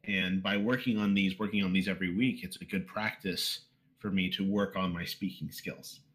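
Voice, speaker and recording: A man's voice: deep voice, steady tone, moderate pace, a bit bright. A man hosting a podcast who has a slight stutter. He chats casually and steers the interview, recorded on a USB condenser microphone. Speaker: podcast host.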